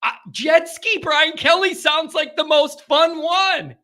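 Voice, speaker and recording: High, bright-voiced call-in host. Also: male voice, fairly even intonation, takes it slowly. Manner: rambling, laughing asides and self-interruptions. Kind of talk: casual live call-in chat.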